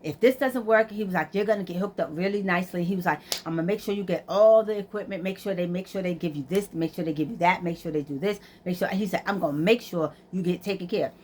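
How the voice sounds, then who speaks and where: A woman's voice: fairly low pitch, fast, hardly any pauses, darkish tone, slight background noise. A woman, casually telling a story to her vlog audience and acting out both sides of the conversations. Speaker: vlogger.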